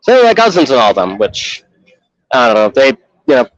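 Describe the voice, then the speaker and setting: A man's voice: mid-range voice, big pitch swings, moderate pace. Rambling profane streamer guy, dull lo-fi phone audio. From Chicago. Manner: rambling, profane, laughs often. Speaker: live streamer. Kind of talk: casual live-stream chat. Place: outdoor festival.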